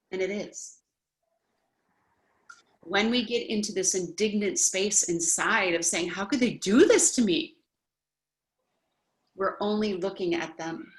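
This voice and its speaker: A woman teaching a spoken self-help class in an earnest, coaching manner, now and then acting out indignant voices. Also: fairly bright tone. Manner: earnest, acts out indignant voices with rising pitch.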